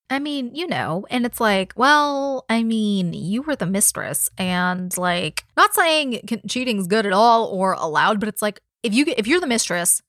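A woman co-hosting a true crime podcast in casual chat, animated and laughing, swearing often. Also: mid-range voice, unhurried, no echo, studio quality. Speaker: podcast co-host.

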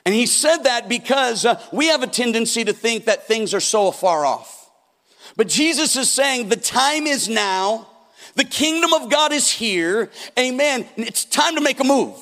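With lively intonation, a very high and somewhat bright voice, and a slightly slow pace, this pastor preaches through stories. He acts out the people in them with big changes in delivery, all echoing with long church-hall reverb.

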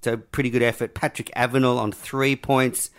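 A man's voice: mid-range voice, level tone, moderate pace, smooth. A man, hosting a podcast and reading quiz questions aloud in a jokey, casual way. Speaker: podcast host.

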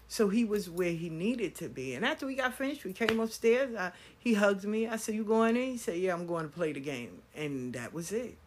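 A woman's voice: medium pitch, lively intonation, normal speed, hardly any pauses, a little hiss or hum. An older woman, a grandmother, telling a family story to her viewers in a blunt, casual, sometimes profane way. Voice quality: blunt and profane, talks straight to the listener.

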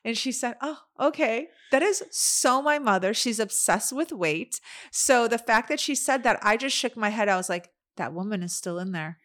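A woman's voice: a little high, moderate pace. A middle-aged woman co-hosting a podcast, telling family stories in casual chat and acting out the dialogue. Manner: animated storyteller, acts out quoted dialogue. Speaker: podcast co-host.

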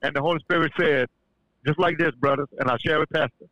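A man's voice: fairly high pitch, fairly even intonation, fast talker, bright, forceful tone, dry recording, rough recording. A man sharing a religious testimony in casual talk. He stumbles and restarts often, then builds to fervent emphasis. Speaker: podcast guest sharing testimony. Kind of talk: casual church-style testimony.

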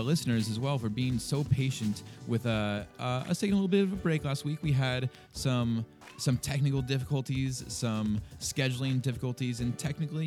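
A man's voice: mid-range voice, darkish tone. A man co-hosting a casual sports podcast, laid-back, laughing often and using lots of filler words. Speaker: podcast co-host.

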